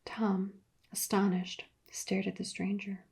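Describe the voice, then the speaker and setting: A woman narrating an adventure book in a soft-spoken ASMR reading, hushed and partly whispered. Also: medium pitch, little pitch movement, normal speed, gravelly, breathy edge.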